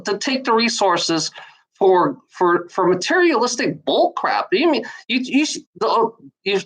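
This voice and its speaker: A woman who drives a truck, ranting to camera in a profane, repetitive way, restarting her sentences and swinging between high and low pitch. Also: rough recording.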